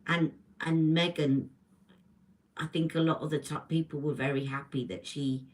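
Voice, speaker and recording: Speaking in a low voice with fairly even intonation at a moderate pace, a British beauty livestream host greets viewers and rambles casually about makeup from her home. Her livestream camera mic yields a low-quality recording.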